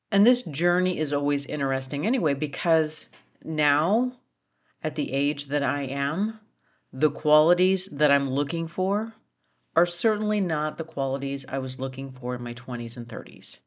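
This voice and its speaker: A middle-aged woman hosting a solo podcast, talking earnestly and challenging listeners with pointed questions. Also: deep voice. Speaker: podcast host. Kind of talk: reflective solo podcast talk.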